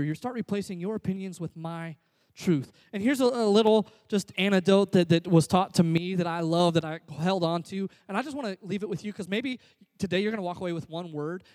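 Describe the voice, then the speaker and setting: A pastor preaching a sermon, swinging from loud, emphatic calls to soft, near-whispered passages. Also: male voice, sits high, brisk, no echo.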